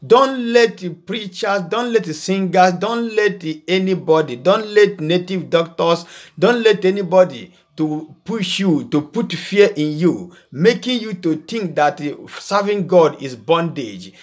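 A man gives an informal video sermon, repeating words in emphatic bursts and pausing with hesitant fillers. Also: sits high, animated. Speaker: preacher and channel host.

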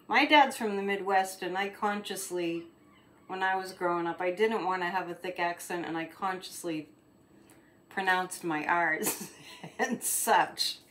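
A woman's voice: lowish voice, measured pace, a bit bright, a little hiss or hum. A woman from Gloucester, Massachusetts, chatty and giggly, reading a picture book aloud for her video audience with casual asides about the illustrations. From Gloucester, Massachusetts, USA. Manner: chatty, giggly, lingers on words while showing pictures.

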